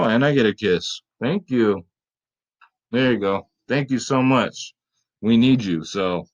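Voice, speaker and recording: A man's voice: fairly low pitch, fairly bright tone, poor audio. A man hosting a casual fantasy sports picks show, chatting loosely to his viewers and swearing freely. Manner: loose, profane, chatty, talks to viewers as "guys". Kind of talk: casual lineup-advice commentary.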